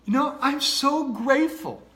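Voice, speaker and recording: A man with a rather high voice leads a motivational livestream. He talks earnestly and repeats himself, stopping to greet viewers by name as he goes. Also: measured pace, pushed and bright. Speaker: online coach.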